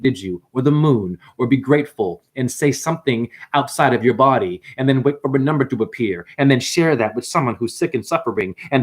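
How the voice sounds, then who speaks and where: A man giving a confrontational, preachy monologue as a spiritual teacher, calling the listener honey. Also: medium pitch. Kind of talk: ranting monologue.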